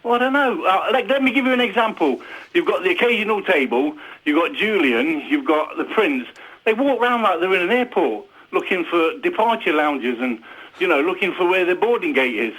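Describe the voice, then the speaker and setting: Blunt husky male caller on phone line. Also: high-pitched, lively intonation, brisk, fairly bright tone. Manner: blunt, insistent. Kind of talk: phone-in call.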